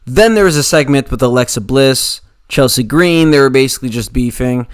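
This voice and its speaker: A man's voice: medium pitch, brisk, clean tone. A man casually recapping a wrestling show, opinionated and rambling, with lots of fillers.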